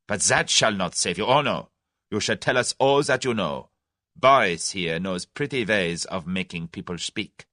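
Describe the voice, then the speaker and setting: A man's voice: sits low, expressive, moderate pace, pushed and bright. A man voicing a stern foreign ringleader who speaks in a commanding, clipped way. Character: stern foreign ringleader, cold then excitable.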